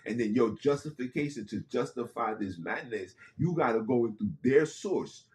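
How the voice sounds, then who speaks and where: A man's voice: medium pitch, expressive, moderate pace, darkish tone. A man hosting a podcast, speaking in an impassioned monologue with casual street phrasing and repeated lines for emphasis. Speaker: podcast host.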